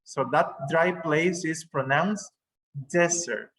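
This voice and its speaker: Give me a slow, patient male teacher, speaking over a video call. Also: on the high side, fairly bright tone, low-quality recording. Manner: slow, explaining patiently with examples and self-corrections. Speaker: English teacher. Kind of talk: online class lesson.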